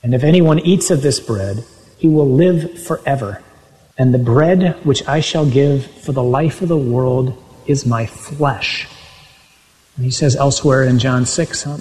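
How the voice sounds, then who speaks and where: A man's voice: mid-range voice, measured pace, darkish tone, rough recording. A man preaching a sermon, reading scripture aloud and driving his points home with sudden emphatic rises. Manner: reads scripture aloud with emphatic, rising exclamations.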